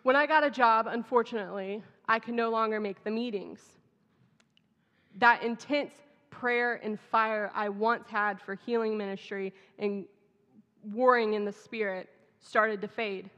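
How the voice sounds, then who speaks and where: A woman's voice: fairly high pitch, steady tone, measured pace, fairly bright tone. Woman pastor, chatty sermon, dull audio with long church reverb. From Texas. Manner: storytelling, conversational and humorous. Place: church sanctuary.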